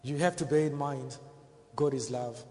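A man's voice: medium pitch, normal speed, darkish tone. A male preacher delivering a sermon, weaving in scripture and repeating key phrases for emphasis. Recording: long hall reverb.

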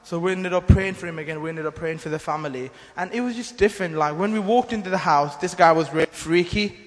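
Male, earnest testimony-teller, loose rambling delivery, a bit high-pitched, echoing church hall. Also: fast talker. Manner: earnest, rambling storytelling with many restarts. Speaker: mission team member giving testimony. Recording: long hall reverb.

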